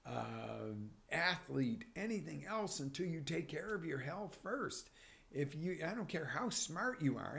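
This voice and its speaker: A man hosting a live motivational coaching show, talking with energy and swinging from near-whispers to loud bursts. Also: fairly high pitch, gravelly. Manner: energetic, animated, drops to whispers then surges loud. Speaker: life coach and show host. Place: broadcast live on social media.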